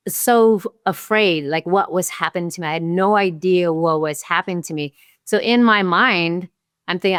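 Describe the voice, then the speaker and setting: A woman in her sixties, a podcast guest, telling a story and acting out her own past thoughts with lively energy. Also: lowish voice, clean tone, no room sound, studio quality. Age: 60s. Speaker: podcast guest, martial arts champion. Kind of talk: storytelling in an interview.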